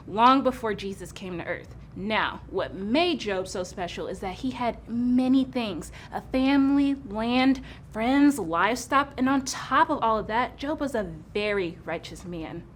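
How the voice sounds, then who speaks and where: A woman telling a Bible story to children in a patient, gently teasing manner. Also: mid-range voice, expressive, measured pace, few pauses, a little hiss or hum.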